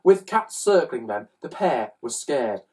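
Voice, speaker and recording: A woman reads a children's story aloud, slow and low-pitched, her pitch swinging widely as she throws in sound effects. Her voice is husky and picked up from a little way off the mic. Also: recorded from a distance. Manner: animated, with loud sound effects.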